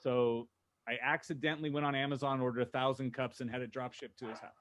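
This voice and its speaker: A man co-hosting a podcast, telling lively anecdotes and acting out what people said. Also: mid-range voice, quick pace, heavy background noise. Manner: animated anecdotes, acting out quotes. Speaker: co-host. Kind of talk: casual podcast storytelling.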